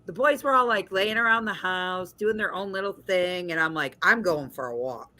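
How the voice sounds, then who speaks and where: A woman hosting a casual livestream chat, telling a story in a lively way over a video call. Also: lowish voice, normal speed. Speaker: host.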